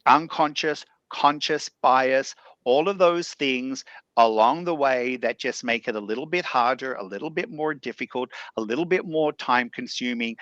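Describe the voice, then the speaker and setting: A man's voice: medium pitch, fairly bright tone, no room sound, dull audio. A man with an Australian accent speaking earnestly on a discussion panel, posing rhetorical questions.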